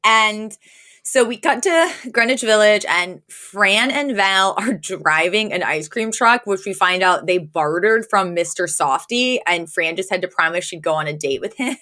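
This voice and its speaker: A woman's voice: medium pitch, measured pace, bright, forceful tone. A woman co-hosting a podcast, recapping an episode in casual chat, teasing and blunt and laughing often. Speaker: podcast co-host.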